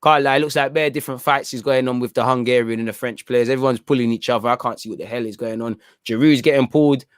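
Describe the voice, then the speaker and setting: A man's voice: mid-range voice, quick pace, hardly any pauses, smooth, dry recording, studio quality. Slangy man calling a match live. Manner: animated, slangy, opinionated. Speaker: football channel host. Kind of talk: live match watchalong commentary.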